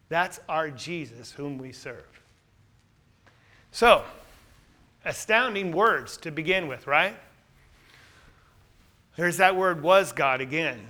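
A man teaching the Bible in a sermon style, emphatic and animated, swinging from loud declarations to quiet asides. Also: a little high.

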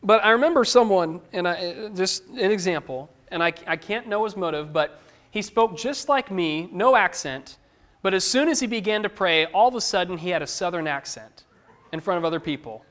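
High-voiced man preaching a sermon. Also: animated, normal speed, fairly bright tone. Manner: earnest, conversational, asks the listeners direct questions.

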